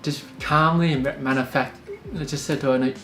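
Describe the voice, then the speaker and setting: A young Australian man calmly telling a personal story, full of fillers and restarts. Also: on the high side, a little fast. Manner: calm, many fillers and restarts. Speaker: podcast host. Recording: echoey room with faint music.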